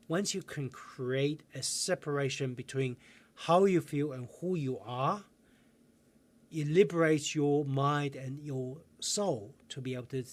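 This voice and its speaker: A man coaching viewers in a self-help video lesson, calm and guiding, slowing down with pauses for breathing exercises. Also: mid-range voice.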